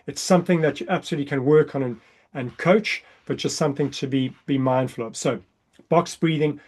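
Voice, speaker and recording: A man leading a breathwork workshop over a video call, explaining exercises and counting slowly and softly through the breaths. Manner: calm counting, drops soft and low during counts. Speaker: breathwork coach.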